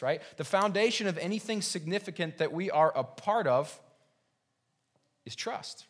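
A man preaches as pastor in a slightly high, fairly bright voice. Earnest and repetitive, he leans on rhetorical questions and frequently restarts or stammers through repeats.

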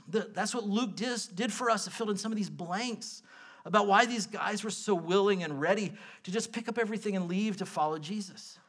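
A man preaching a sermon in a conversational, animated way, full of quick asides to his listeners. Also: high voice. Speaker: pastor.

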